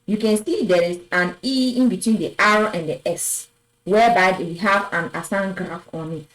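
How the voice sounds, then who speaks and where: A woman teaching French pronunciation, patiently repeating each word and affirming with a soft "yes". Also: on the low side, normal speed, low-quality recording. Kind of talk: slow explanatory lesson.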